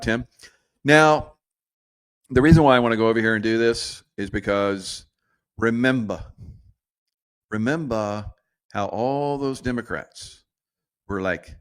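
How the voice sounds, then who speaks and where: A man's voice: medium pitch, no room sound. A man giving rambling, casual political commentary, drifting off topic and laughing at his own jokes.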